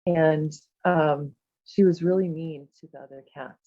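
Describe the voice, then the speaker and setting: A woman, a podcast guest who heals and talks with animals, speaking softly and haltingly with lots of fillers. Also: low-pitched, fairly even intonation, husky, no room sound, highs cut off. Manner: soft, halting, many fillers and "like". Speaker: guest, shamanic healer and animal communicator. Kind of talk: casual chat.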